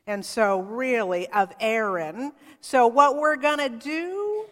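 A woman voicing a boastful old male priest who struts and brags, a bit lower and louder than her own voice. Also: slow, big-room sound. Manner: bragging, puffed-up.

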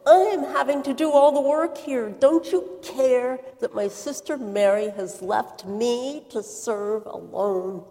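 A woman's voice: fairly high pitch, slow. A woman playing Martha, a busy and indignant hostess, in an earnest dramatic monologue. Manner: earnest, expressive storytelling with quoted outbursts. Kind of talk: dramatic first-person monologue. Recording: reverberant hall.

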